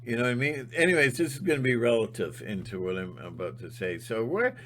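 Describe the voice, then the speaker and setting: A man giving a rambling spiritual monologue, halting and restarting often. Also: medium pitch, big pitch swings, fairly bright tone, slight background noise. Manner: halting, full of fillers and restarts. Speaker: channel host.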